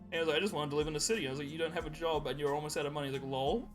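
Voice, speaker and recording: A man's voice: on the high side, steady tone, very fast, music in the background. A young man co-hosting a podcast, telling rambling stories in casual chat and laughing often. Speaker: podcast co-host.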